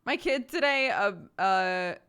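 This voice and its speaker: A woman's voice: medium pitch, expressive, slow, a bit bright, clear, resonant tone. A woman in her thirties chatting casually with her stream viewers, telling home stories and laughing often. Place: home in the countryside.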